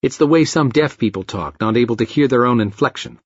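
A man narrating a story in the first person, frantic and profane, with dark comic flair, in a dry, slightly muffled recording. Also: medium pitch, brisk, husky, no echo.

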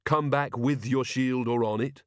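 A man voicing a calm young woman guard who speaks in a flat, matter-of-fact way. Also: mid-range voice, a little slow, no room sound, clean studio sound, close to an everyday voice. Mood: dry.

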